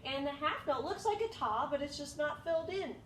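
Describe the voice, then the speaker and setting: A woman's voice: sits high, animated, fairly quick. A woman teaching an elementary music lesson, patient and encouraging, sometimes singing examples. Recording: echoey room, distant mic, noisy.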